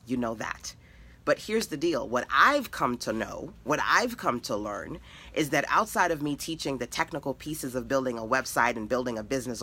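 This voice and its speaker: A woman's voice: a bass voice, sharp tone. A middle-aged woman, a web designer and mentor, giving a motivational live-stream talk with emphatic, repetitive lists.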